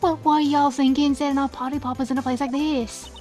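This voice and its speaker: A woman's voice: sits high, flat delivery, fairly quick, a little mellow, faint music behind, voice pushed up, lightly acted. A woman voicing a brash, bossy country woman photographer in a put-on Southern drawl, folksy and scolding. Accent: put-on American Southern drawl.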